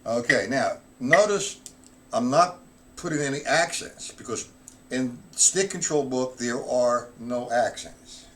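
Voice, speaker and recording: A middle-aged man with a medium-pitched voice teaches a drum lesson over a live stream. Between explanations, he counts out rhythms loudly and slowly.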